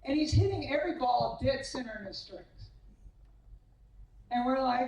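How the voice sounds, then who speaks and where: High-voiced woman telling teasing coaching stories. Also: lively intonation, normal speed, vocal fry, pauses often, darkish tone, lo-fi sound. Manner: teasing anecdotes, acts out quoted voices. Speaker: tennis coach giving a banquet speech. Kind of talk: humorous after-dinner speech. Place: banquet hall at a club. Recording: echoey banquet hall, mic from a distance.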